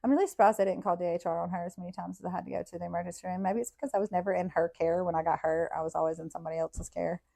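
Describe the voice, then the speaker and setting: A woman, a podcast host telling childhood stories in a blunt, profane, animated way. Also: lowish voice, rapid-fire, gravelly, few pauses. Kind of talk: casual storytelling.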